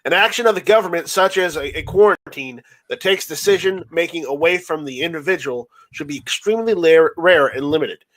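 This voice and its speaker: A male host with a high voice reads a statement on a video call. He halts and restarts often, tripping over words as he goes. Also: a bit bright, poor audio. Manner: stumbling, halting reader. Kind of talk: casual chat and reading a statement aloud.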